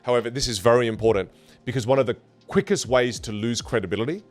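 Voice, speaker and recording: A man's voice: medium pitch, fast. A man teaching communication skills in a studio, talking energetically and emphatically, with playful jumps in his voice. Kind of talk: online lesson to camera.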